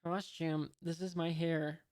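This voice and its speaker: A woman's voice: sits low, takes it slowly. A woman voicing a boastful, threatening male pirate who tames a lion, read out plainly with fillers. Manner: flat read-aloud delivery with fillers.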